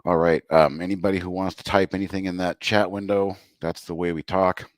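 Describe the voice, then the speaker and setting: Low-voiced, breathless trading host. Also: male voice, flat delivery, brisk, no room sound. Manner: casual, chatty, thinking aloud at charts. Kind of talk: live market commentary. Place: home desk.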